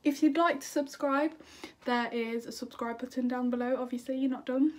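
A woman's voice: sits high, fairly even intonation, moderate pace, few pauses, darkish tone. A young woman chatting to camera in a bubbly, self-deprecating way, answering viewer questions. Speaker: singer and YouTuber. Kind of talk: casual chat to camera.

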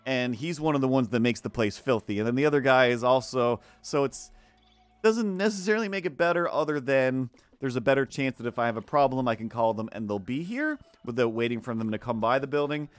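A man's voice: mid-range voice, expressive, fairly quick, no echo. Rambling sarcastic man storyteller. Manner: rambling, sarcastic, acts out quoted neighbors. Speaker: streamer. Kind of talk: casual rambling storytelling while drawing. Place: home art stream setup.

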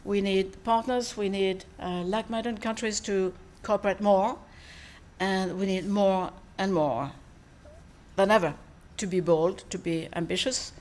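A woman with a French accent and French as her first language, a foreign minister delivering a formal speech and taking questions, measured with frequent pauses and fillers. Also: medium pitch, fairly even intonation, a little mellow.

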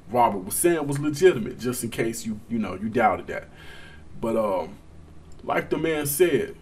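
A man's voice: medium pitch, breathy edge. A man hosting casual boxing commentary, talking straight to his viewers with emphasis.

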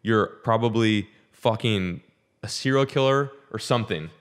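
A young man co-hosting a casual chat, talking in a profane, animated rant. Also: on the low side, unhurried. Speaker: podcast co-host.

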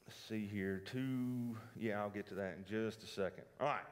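A man's voice: on the low side, normal speed, echoey room, long reverb tail. A man with a Southern US accent teaching a casual church Bible lesson, folksy and joking, often putting questions to the class. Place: church hall.

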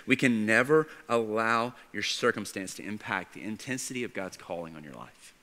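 A male pastor preaching a storytelling sermon, moving between hushed narration and excited emphasis. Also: lowish voice, moderate pace. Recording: church hall reverb.

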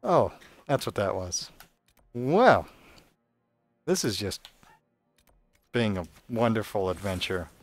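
A man's voice: on the low side, very animated, slow, long pauses, faint music behind. A man giving casual, sarcastic, rambling commentary while playing a video game. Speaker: let's play host.

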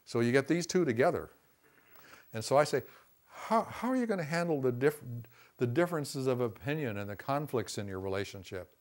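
A man teaching a class on communication and boundaries, talking conversationally with many "you know" and "see" asides, and now and then acting out quoted voices with sudden loud bursts. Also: medium pitch, lively intonation, brisk. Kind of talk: classroom lecture.

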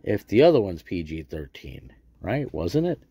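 Middle-aged guy rambling and joking while opening baseball card packs, kinda husky, low voice. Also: big pitch swings, moderate pace, dark tone, dry recording. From United States. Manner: chatty, jokey, repeats words, trails off. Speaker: card collecting YouTuber. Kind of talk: casual pack-opening commentary.

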